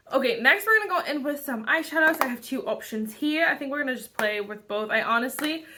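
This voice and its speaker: Young woman vlogger, casual makeup chat, bright slightly high voice, rambling delivery. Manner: rambling, chatty, many fillers and restarts. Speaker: beauty vlogger.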